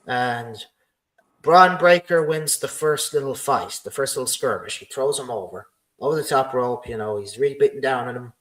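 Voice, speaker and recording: A man's voice: mid-range voice, moderate pace, a bit bright, low-quality recording. A man hosting a casual podcast, rambling through his ideas with many "you know" fillers. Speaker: podcast host.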